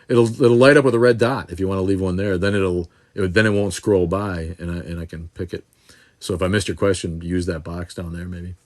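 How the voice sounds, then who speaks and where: Deep-voiced man, crude rambling livestream host. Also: gravelly. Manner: irreverent, crude joking, rambling. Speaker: livestream host answering viewer questions. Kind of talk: casual live chat. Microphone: phone camera in selfie mode.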